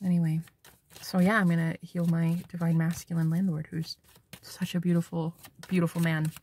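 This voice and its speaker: A woman's voice: fairly low pitch, level tone, normal speed, darkish tone, husky. A woman psychic medium giving a spiritual tarot reading, talking bluntly and preachily and swearing for emphasis.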